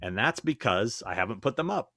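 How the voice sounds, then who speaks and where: A man co-hosting a podcast, talking casually and haltingly with plenty of fillers and self-deprecating remarks. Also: on the low side, expressive, sharp tone, no room sound, clean studio sound. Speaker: podcast co-host.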